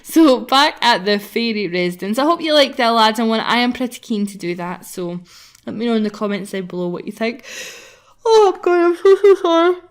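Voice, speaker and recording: A woman's voice: mid-range voice, fairly quick. Giggly, chatty young woman gamer. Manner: chatty and giggly, talks to viewers. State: tired, recording early in the morning. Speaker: gaming channel host. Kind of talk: casual gameplay commentary.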